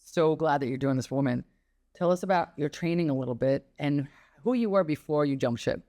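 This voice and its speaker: This is a woman host with a notably low voice, reading a polished podcast intro and then chatting casually with her guest. She sounds upbeat and enthusiastic, given to gushing reactions. She is middle-aged. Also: a little fast, warm tone. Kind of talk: scripted intro then casual interview chat.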